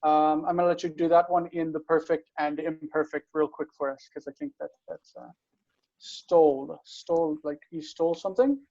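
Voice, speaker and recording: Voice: mid-range voice, normal speed, vocal fry, dark tone. A teacher giving an online grammar lesson over a video call, explaining patiently with lots of fillers and restarts. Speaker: Hebrew teacher. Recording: muffled video call audio.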